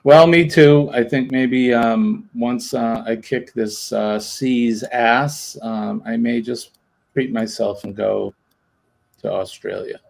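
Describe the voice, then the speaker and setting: A man's voice: medium pitch, fairly even intonation, slow, creaky. A man hosting a casual livestream, rambling with lots of ums and uhs. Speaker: livestream host. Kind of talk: casual live chat.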